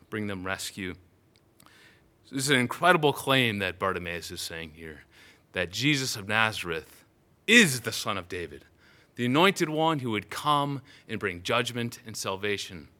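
A man's voice: mid-range voice, pushed and bright. A man preaching a sermon, retelling a Bible story vividly and often restarting phrases.

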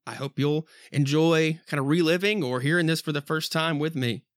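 A man's voice: on the high side, normal speed, slight background noise. A man hosting a podcast, casually reading a horror comic aloud and rambling about the art. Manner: rambling, laughs at himself. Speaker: podcast host.

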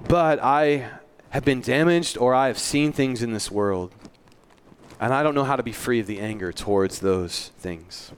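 A man's voice: mid-range voice, normal speed, clear, resonant tone. A male pastor giving a sermon in a church, earnest and conversational, with self-deprecating asides.

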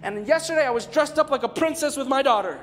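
A man in his thirties preaching a sermon as pastor, swinging from loud emphatic lines to near whispers, telling stories with humor. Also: very high-pitched, animated, fast. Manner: storytelling with humor. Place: large church hall. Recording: reverberant church hall with soft guitar.

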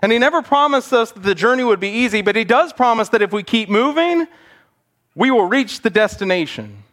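Pastor, male, higher register, earnest sermon delivery, animated storyteller. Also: a little fast. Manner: earnest, acts out quotes animatedly. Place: church sanctuary.

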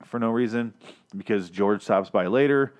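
Low-voiced man rambling casually. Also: normal speed, darkish tone. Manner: rambling, profane, many restarts. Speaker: podcast host reviewing a TV episode. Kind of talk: casual review chat.

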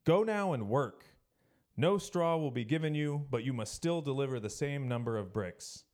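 A man voices a harsh, demanding ancient king in a scripture reading, scolding and issuing commands. His mid-range voice, pitched above his natural one, is a little mellow, with lively intonation at a normal speed. The voice sounds natural.

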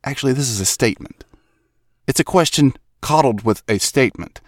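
A man hosting a comedic podcast from a small closet, exasperated and pleading for everyone to calm down. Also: mid-range voice, a little fast, dry recording, studio quality. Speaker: podcast host. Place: small hot broom closet.

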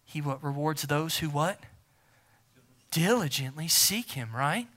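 A man preaching a sermon as pastor, emphatic and repeating key phrases, swinging from loud to near-whisper. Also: on the high side, expressive, measured pace.

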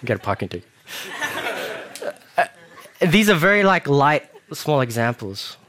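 A young man preaching a casual sermon, telling self-mocking stories with animated asides. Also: fairly high pitch, measured pace, pauses often.

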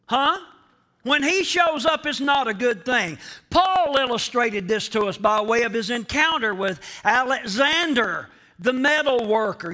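A man preaching a sermon as pastor, slow and emphatic, repeating key phrases and speaking straight to the congregation. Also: very high voice, sharp tone. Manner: addresses the congregation directly.

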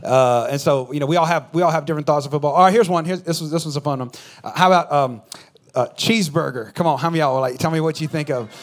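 Joking pastor bantering with congregation. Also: male voice, fairly high pitch, fast. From California. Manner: joking, talks back and forth with the congregation. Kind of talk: casual conversational sermon. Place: church in front of a congregation.

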